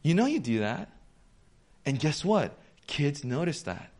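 A man preaching a sermon in a conversational, animated way, acting out quoted voices as he goes. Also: fairly high pitch, measured pace. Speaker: pastor.

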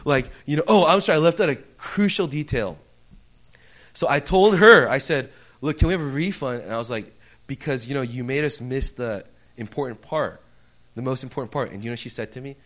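A young man preaching a sermon, telling a personal story in a conversational, animated way that swings from quiet to loud, with many fillers. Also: mid-range voice, a little fast.

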